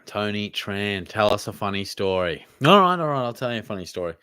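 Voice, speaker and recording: A man's voice: lowish voice, big pitch swings, a little fast, sharp tone, smooth, no room sound, studio quality. An Australian man hosting a live question-and-answer stream, talking in a laid-back, chatty way with plenty of slang. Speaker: host. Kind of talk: casual live Q&A chat.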